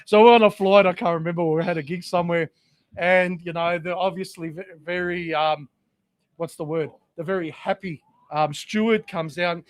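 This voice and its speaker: A man's voice: high-pitched, steady tone, normal speed, dry recording. A man co-hosting a casual chat, playful and teasing as he tells a story. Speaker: co-host.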